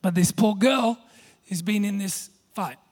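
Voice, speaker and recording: A man preaching, his voice sitting very high and sounding husky. He tells a story with self-mocking humour, stumbles over his words and restarts often, and the congregation laughs along. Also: a little slow, a little mellow. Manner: storytelling with self-deprecating humor, frequent restarts. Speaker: pastor. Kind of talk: sermon.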